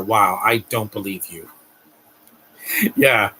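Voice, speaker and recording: A man's voice: mid-range voice, normal speed, bright, forceful tone, a little hiss or hum, rough recording. A man hosting a live stream, giving a blunt, ranting movie reaction commentary with frequent restarts.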